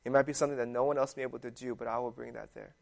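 Casual young man preaching, gravelly voice. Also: mid-range voice, steady tone, racing. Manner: conversational, full of fillers like "like" and "um". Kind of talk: casual sermon.

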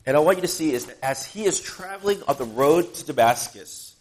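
A man preaching a sermon in a church in a relaxed, conversational way, pausing for an interpreter and adding joking asides. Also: a little high.

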